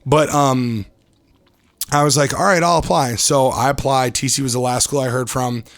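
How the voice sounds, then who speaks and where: A man's voice: mid-range voice, steady tone, moderate pace, no echo. A young adult man from Detroit, a podcast guest telling stories in a loose, slangy way with frequent restarts. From Detroit, Michigan. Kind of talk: casual storytelling interview.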